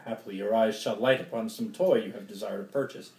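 A man reading a wary sea captain in an amateur play reading, measured and earnest. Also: lowish voice, vocal fry, darkish tone, echoey room. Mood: grave.

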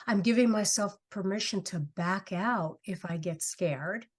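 A woman's voice: mid-range voice, a little slow, husky. A woman from New York City, a guest author and coach, talking candidly and encouragingly in a podcast interview.

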